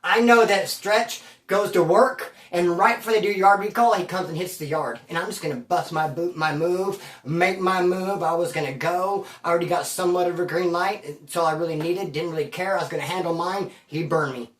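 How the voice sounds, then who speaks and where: A man's voice: high-pitched, a little fast, few pauses, fairly bright tone, distant mic. A man casually telling a prison story to camera in profane, rambling street slang. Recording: roomy echo, voice off-mic.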